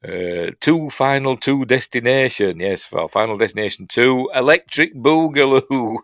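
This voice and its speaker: A man's voice: mid-range voice, normal speed, dry recording, studio quality. A man with a Yorkshire accent hosting a casual, rambling film review, chatty and self-mocking with lots of fillers and restarts. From Yorkshire, England.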